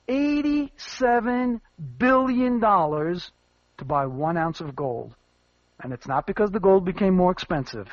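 A man's voice: sits high, dry recording, dull audio. A man hosting a commentary show, rambling and emphatic with many fillers. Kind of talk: casual spoken commentary.

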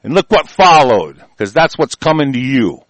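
A man hosting a talk radio show, ranting angrily and cursing heavily in a loud, heated way. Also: medium pitch, very animated, moderate pace, no echo. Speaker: community radio host. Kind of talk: profane talk-radio rant.

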